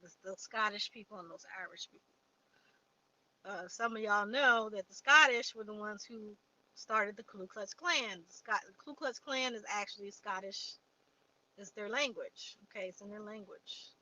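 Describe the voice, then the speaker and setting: A woman's voice: mid-range voice, normal speed, bright, forceful tone, lo-fi sound. A woman hosting a casual livestream, chatting and reading viewer comments aloud before answering them. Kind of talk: casual live chat.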